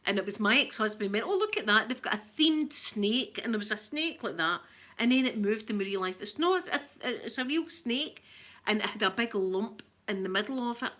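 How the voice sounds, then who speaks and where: Bright-voiced chatty Scottish woman. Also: medium pitch, fairly quick. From Scotland. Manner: chatty, animated storyteller. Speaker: ASMR channel host. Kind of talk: casual livestream chat.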